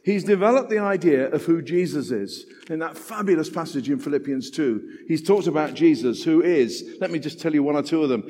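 An older man preaching a sermon in an animated, conversational way, with self-deprecating asides. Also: fairly high pitch, brisk, hardly any pauses, long reverb tail.

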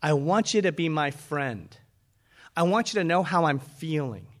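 A man preaching a sermon as pastor, animated and calling out to his congregation. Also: on the high side, moderate pace.

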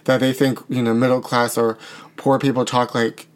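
A man's voice: mid-range voice, little pitch movement, normal speed. Campy, sassy man riffing. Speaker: podcast co-host. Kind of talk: casual comedic chat.

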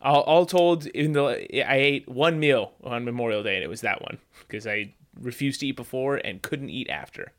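A man's voice: medium pitch, lively intonation, moderate pace, few pauses. A man co-hosting a podcast, telling a food story with dry, joking asides. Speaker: podcast co-host. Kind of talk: casual chat.

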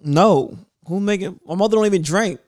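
A man's voice: high-pitched, brisk, darkish tone. A man co-hosting a casual podcast, telling stories in loose slang with mock outrage. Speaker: podcast co-host.

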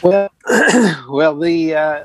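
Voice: medium pitch, animated, very slow. Hesitant co-host reading an email. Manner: hesitant, reads aloud with fillers. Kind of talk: casual podcast chat.

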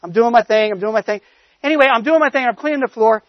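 High-voiced man preaching in a story style. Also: fast talker, no room sound, highs cut off. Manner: storytelling, conversational, with emphatic rising stresses. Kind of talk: sermon.

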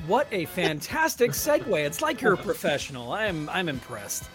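A man co-hosting a live podcast in casual chat, joking around and reading shout-outs, sometimes in a loud announcer voice. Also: high-pitched, huge pitch swings, normal speed, soft background music. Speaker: podcast co-host.

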